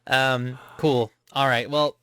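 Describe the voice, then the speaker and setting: A man's voice: slow, clean tone, no echo, clean studio sound. A man co-hosting a podcast, chatting casually and animatedly about emotional moments in games. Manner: animated, laughing, jumps up in pitch on exclamations. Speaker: podcast co-host. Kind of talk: casual chat.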